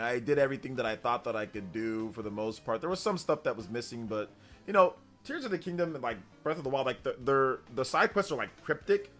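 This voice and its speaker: A man's voice: mid-range voice, fairly bright tone. A man hosting a casual live stream, hyped up, reading out and thanking donors as he chats. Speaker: livestream host.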